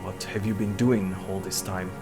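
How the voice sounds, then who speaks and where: A man's voice: sits low, steady tone, normal speed. A man voicing a blunt detective asking pointed questions. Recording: music playing behind voice. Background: music.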